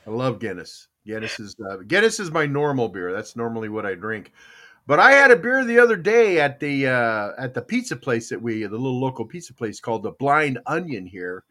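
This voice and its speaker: A man's voice: mid-range voice, sing-song, a little fast, sharp tone. An older man hosting a casual podcast and chatting with a live chatroom, telling long rambling stories full of fillers and restarts, often with a chuckle. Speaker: podcast host.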